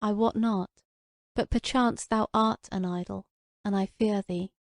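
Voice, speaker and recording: A woman's voice: mid-range voice, steady tone, measured pace, no room sound, clean studio sound, lightly acted. Woman reading as a bashful young squire. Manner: faltering, shy.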